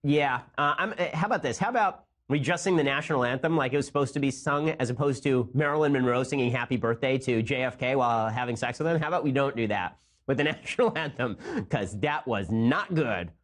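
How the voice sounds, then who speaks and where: A man hosting a political talk podcast, speaking in a rapid-fire, sarcastic, mocking way. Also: medium pitch, fairly bright tone. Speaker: podcast host.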